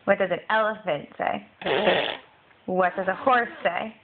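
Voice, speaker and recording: A woman's voice: mid-range voice, steady tone, measured pace. Woman patiently quizzing a toddler, phone-like. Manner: patient, repetitive questioning. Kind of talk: home video, asking a toddler questions. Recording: phone-like home video with faint noise.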